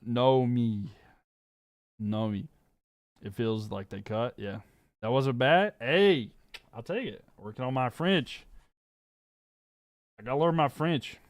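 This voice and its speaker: Casual male streamer, Southern US accent, rambling and laughing, mid pitch, dry close mic. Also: slow pace, pauses often, dry recording. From American South. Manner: laid-back, rambling, fillers, laughs often. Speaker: sports streamer. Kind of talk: casual live-stream chat reading comments.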